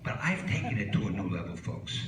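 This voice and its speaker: Older male comic, low lively voice, folksy rambling, echoey club from far off. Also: a little fast, noisy background. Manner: rambling, folksy, heavy on "you know" fillers. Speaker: stand-up comic. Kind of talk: stand-up joke telling. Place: small comedy club stage.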